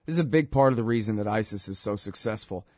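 A man hosting an opinion talk show, rambling and animated with a sarcastic streak. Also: fairly low pitch, quick pace, no room sound, studio quality.

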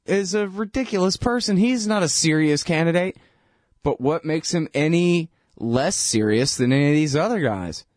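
A high-pitched man riffs on politics in a casual, sardonic way, cracking himself up and leaning heavily on fillers such as "dude" and "man." The recording is echo-free and studio quality.

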